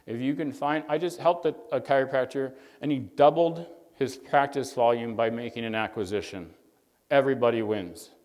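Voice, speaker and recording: A man's voice: medium pitch, moderate pace, darkish tone, long reverb tail. A man, a chiropractor, gives a motivational stage talk to young doctors, telling stories in an earnest, preacher-like way. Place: stage in a large hall.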